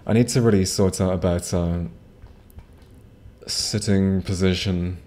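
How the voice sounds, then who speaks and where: A man's voice: low-pitched, steady tone, a little slow, mellow. A man casually commenting while streaming a video game, rambling with self-mocking jokes and asides to chat. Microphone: desk microphone.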